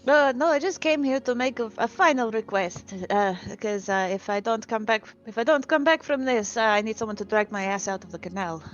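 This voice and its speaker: Woman, role-play player, animated and sweary, higher voice, dull audio with faint music. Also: fairly quick, few pauses. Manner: sweary, animated, laughs often. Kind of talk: in-character tabletop role-play.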